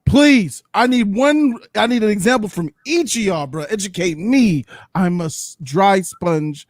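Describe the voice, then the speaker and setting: A man co-hosting a casual chat, talking in an animated, slangy way and laughing often. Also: sits high, unhurried, dry recording, studio quality. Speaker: podcast co-host.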